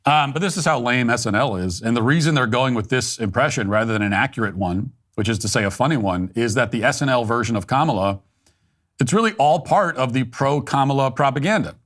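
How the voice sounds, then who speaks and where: A male host delivers opinionated political commentary in a blunt, sarcastic tone. His voice sits at an ordinary middle pitch, and he often stumbles and restarts a phrase before pressing on. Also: expressive, a little fast, fairly bright tone.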